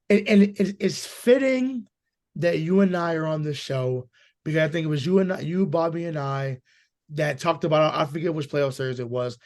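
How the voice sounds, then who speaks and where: A hoarse man co-hosting a casual sports podcast, talking emphatically with lots of swearing and stammered repeats. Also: fairly high pitch, darkish tone. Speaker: podcast co-host.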